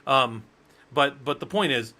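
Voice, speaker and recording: This American livestream Linux instructor has a mid-range voice that sounds bright and forceful, animated yet a little slow. His teaching is loose and conversational, aimed straight at chat, and he wanders into anecdotes where he performs the dialogue.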